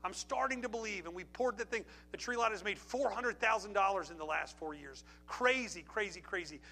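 A man's voice: sits high, moderate pace, sharp tone. A middle-aged man preaching a sermon, telling stories with emphasis and repeating phrases before an altar call. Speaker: pastor.

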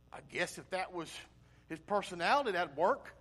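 A male pastor preaching an animated sermon, swinging from loud emphasis to quiet intensity. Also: high voice, brisk.

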